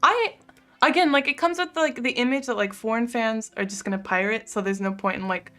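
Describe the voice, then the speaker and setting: A young woman with a slightly raised voice chats loosely on a live stream, sprinkling "like" through her sentences as she reads viewer comments aloud. Soft music plays faintly behind her voice at the desk mic. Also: fairly high pitch, brisk. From United States. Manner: chatty, frequent "like" fillers, soft cooing asides to her cat. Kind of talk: casual chat reading viewer comments.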